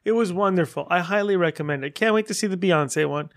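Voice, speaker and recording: A man hosting a solo podcast, chatting in an animated, rambling way and gushing as he tells stories. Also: sits high, quick pace. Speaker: podcast host. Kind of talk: casual solo podcast update.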